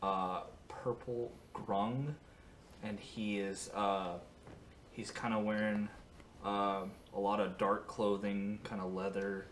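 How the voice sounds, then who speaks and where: Slow, flat-voiced male player. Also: lowish voice, a little hiss or hum. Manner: slow, halting, filler-heavy. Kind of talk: describing his character at a tabletop game.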